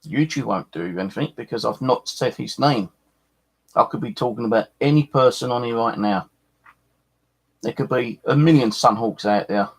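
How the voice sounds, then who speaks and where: A man's voice: medium pitch, normal speed, gravelly, husky. A man in an angry, sweary live-stream rant, repeating himself as he vents.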